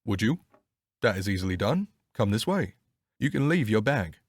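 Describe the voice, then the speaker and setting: A man reading an audiobook, voicing a blunt, hearty police inspector with a gruff, exclaiming manner. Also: on the low side, sing-song, moderate pace, dry recording. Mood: brisk. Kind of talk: audiobook character voice.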